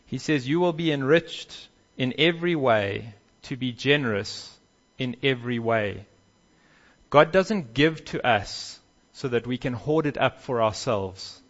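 Male preacher, mid-pitched, earnest and emphatic, expository sermon, lo-fi audio. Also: a bit bright. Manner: earnest, emphatic, repeats key phrases.

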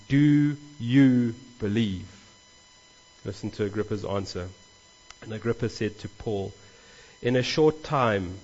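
A man delivers a sermon from the pulpit in an earnest, animated way, his voice lifting for emphasis. His voice sits at an ordinary pitch for a man. The recording sounds a little dull and muffled. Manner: earnest, animated preaching with rising emphasis and restarts. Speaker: pastor.

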